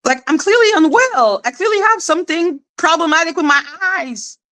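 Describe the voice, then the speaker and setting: Bright-voiced woman ranting sarcastically. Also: moderate pace. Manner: sarcastic, exasperated, swears freely, laughs often; jumps between high mocking tones and low deadpan asides. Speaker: commentary channel host. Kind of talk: casual ranting monologue.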